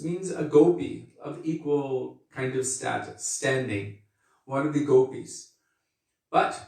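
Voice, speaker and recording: Earnest man lecturing in an echoey space. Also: fairly high pitch. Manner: earnest, unhurried, repeats phrases for emphasis. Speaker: spiritual teacher. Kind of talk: devotional lecture. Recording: echoey and distant from the mic.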